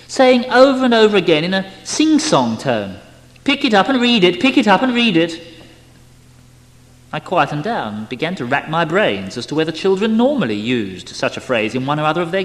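Man reading a memoir with lively pitch. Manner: expressive, emotional, wide swings in loudness. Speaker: reader. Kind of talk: dramatic reading of a spiritual memoir. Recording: long hall reverb.

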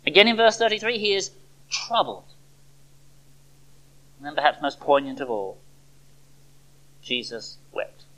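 Preacher, sermon, animated pitch, dramatic pauses, rhetorical questions, church service. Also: low-quality recording.

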